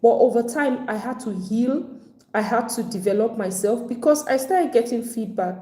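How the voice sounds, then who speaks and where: A woman's voice: a little high, normal speed, mellow. A woman teaching a live online personal finance class, speaking conversationally and acting out other people's complaints. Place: home at evening, video call. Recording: echoey room.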